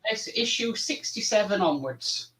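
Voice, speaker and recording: A man's voice: high-pitched, animated, unhurried, fairly bright tone, distant mic, rough recording. A man hosting a casual model-building live stream, rambling and friendly with many fillers. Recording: voice somewhat off-mic.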